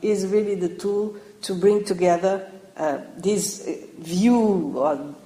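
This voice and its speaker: A woman's voice: medium pitch, takes it slowly, mellow. A woman teaching a Buddhist dharma talk at a retreat, reflective, with light laughs and restarts. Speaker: meditation teacher. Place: retreat hall. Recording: roomy hall reverb.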